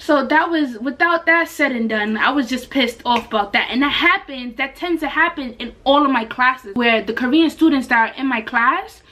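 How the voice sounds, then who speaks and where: A young woman, telling a story casually to her camera as a vlogger, animated and slangy, acting out the voices of other people. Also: sits high, moderate pace, few pauses. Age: young adult. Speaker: vlogger, exchange student.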